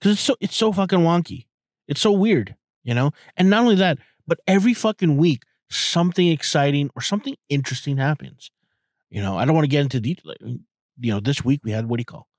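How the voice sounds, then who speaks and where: A man's voice: on the high side, lively intonation, fairly quick, dry recording, clean studio sound. A man in his forties hosting a podcast, rambling in a casual, profane monologue full of fillers. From outside the US. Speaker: podcast host.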